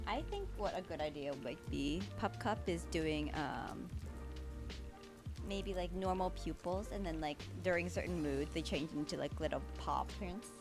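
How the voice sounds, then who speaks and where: A woman's voice: low-pitched, a little slow. A woman streamer chatting casually with her chat while she draws, bubbly and a bit chaotic. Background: background music.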